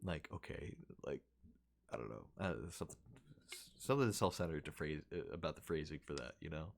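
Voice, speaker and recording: A man's voice: extremely low pitch, animated, fairly quick, creaky, a little hiss or hum. A man streaming and chatting casually with his viewers, rambling and thinking aloud with lots of fillers and restarts. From United States.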